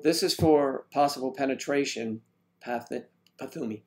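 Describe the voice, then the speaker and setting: A man's voice: medium pitch, lively intonation, normal speed, a little mellow. An older man hosting a casual livestream chat, reading viewer comments aloud in a jokey, teasing way. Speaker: livestream host.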